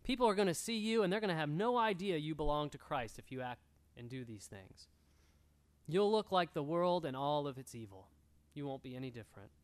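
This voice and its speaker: A man's voice: on the high side, animated, fairly quick, clear, resonant tone. A male pastor preaching an earnest sermon to a room, exhorting and repeating his key points. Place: church room.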